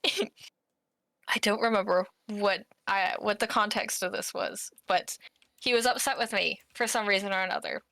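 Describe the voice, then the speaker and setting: A woman's voice: mid-range voice, unhurried, vocal fry, pushed and bright, dry recording, studio quality. A woman co-hosting a podcast, telling a story in casual chat, giggling often as she reads out old messages. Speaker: podcast co-host.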